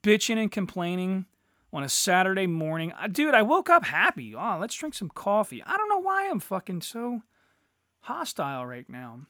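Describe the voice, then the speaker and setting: A man's voice: high-pitched, wildly swooping pitch, moderate pace, a bit bright, no echo, studio quality. A middle-aged man hosting a solo podcast, ranting crudely and sarcastically with heavy swearing. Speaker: podcast host. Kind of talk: profane solo rant.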